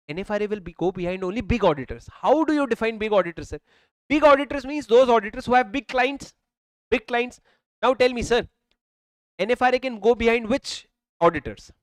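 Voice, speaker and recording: A man's voice: high voice, no room sound. Emphatic Indian-English male teacher. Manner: emphatic, repeats phrases, addresses students as sir. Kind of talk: classroom lecture. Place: classroom. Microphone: handheld or lapel mic.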